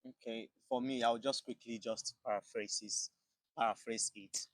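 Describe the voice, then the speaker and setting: A man in a casual group chat, relaxed and brief, sharing his teaching experience. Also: mid-range voice, normal speed, no echo, clean studio sound. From Nigeria.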